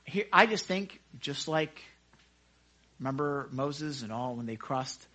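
Holding a microphone, an excitable man leads a casual Bible study in a high, bright voice. He chats at a measured pace, his pitch swinging widely, and he keeps acting out the scenes he describes. His teaching is loose and enthusiastic.

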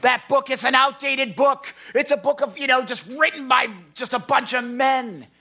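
A man voicing an angry, hostile man who shouts and taunts a group of believers. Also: very high-pitched, normal speed, pitched above the performer's own voice, full character voice. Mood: scornful.

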